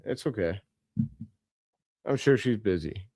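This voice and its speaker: A man's voice: on the low side, slightly rough, no echo, soft background music. A young man hosting a live basketball reaction stream, calling plays and scolding players as he goes, often correcting himself. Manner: excitable, scolds players aloud, quick self-corrections.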